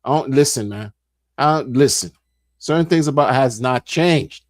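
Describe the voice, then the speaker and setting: A middle-aged man, a streamer, telling a casual story in an animated way, repeating phrases and acting out what people said. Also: mid-range voice, moderate pace, no echo, studio quality.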